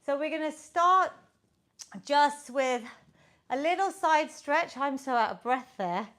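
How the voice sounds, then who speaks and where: Woman, fitness instructor, upbeat encouraging coaching, high voice, slow steady delivery. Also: poor audio. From United Kingdom. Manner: upbeat, encouraging coaching, counts reps aloud. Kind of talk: guided home workout class.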